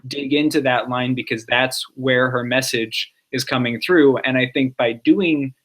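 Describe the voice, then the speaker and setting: A man's voice: medium pitch, fairly even intonation, measured pace, fairly bright tone. A man co-hosts a casual poetry podcast and talks through a poem's craft. He sounds thoughtful and analytical. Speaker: podcast co-host.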